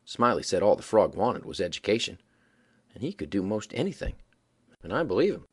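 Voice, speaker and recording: A man reading a story aloud as a folksy, animated yarn-spinning narrator with a husky voice. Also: on the low side, a little fast. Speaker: audiobook reader.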